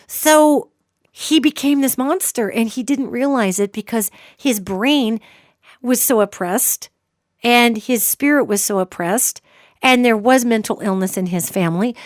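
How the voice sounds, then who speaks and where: Emphatic higher-voiced woman radio host. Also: no echo, studio quality. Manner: emphatic, checks in with listeners with "okay?" and "gang". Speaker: psychic radio show host. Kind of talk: storytelling monologue to listeners.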